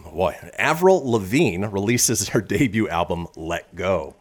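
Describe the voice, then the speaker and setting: A man's voice: low-pitched, lively intonation, a little slow. A man hosting a radio show, reading this-day-in-history items in a casual chat and laughing often.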